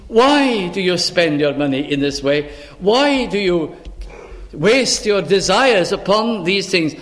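A man's voice: sits high, lively intonation, slow, a bit bright. A male minister preaching a sermon with earnest, pleading rhetorical questions and quotations in old-style scripture wording.

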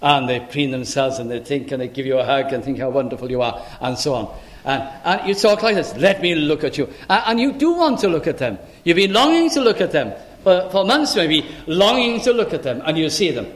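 An older man preaching a sermon in an earnest voice. He uses old-fashioned biblical phrasing, rises sharply on pleading calls and drops low and soft between them. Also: big pitch swings, brisk.

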